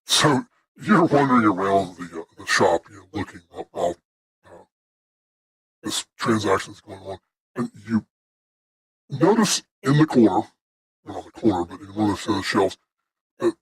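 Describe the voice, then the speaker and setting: A man's voice: lowish voice, husky, dry recording, rough recording. A man narrating a tabletop game as game master, describing scenes casually with fillers.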